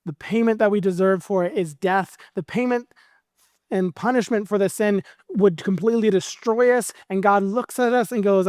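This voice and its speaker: A male pastor with an American accent, preaching a sermon in a conversational, animated storytelling way. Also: high voice, normal speed, smooth, dry recording, studio quality.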